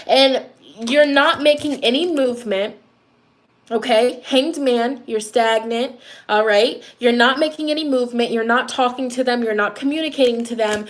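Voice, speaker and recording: A woman's voice: fairly high pitch, slight background noise. A woman tarot reader speaking to camera in a casual reading, direct and repetitive, with chatty asides about herself. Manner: direct, repetitive, addresses listeners as a sign.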